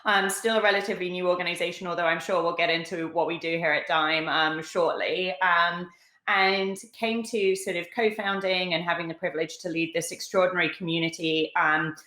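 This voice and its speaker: A woman's voice: on the low side, steady tone, brisk, pushed and bright, echoey room. A middle-aged woman from London with a British accent, speaking as a guest on a video call, articulate with many fillers. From London, England. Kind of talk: casual interview talk.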